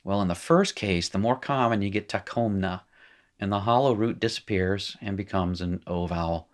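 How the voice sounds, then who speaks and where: A man's voice: sits low, normal speed. A man teaching a recorded lesson in a casual, rambling way, reading from a textbook and correcting himself as he goes. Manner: rambling, self-correcting, joking asides; reads textbook aloud then comments.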